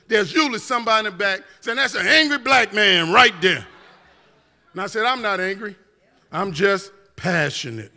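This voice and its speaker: Man, high voice, church keynote, passionate, repetitive rhythmic build, humorous asides. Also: bright, forceful tone. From New Orleans, USA. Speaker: guest speaker. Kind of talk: impassioned church keynote speech. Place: church sanctuary. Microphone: standing at a mic.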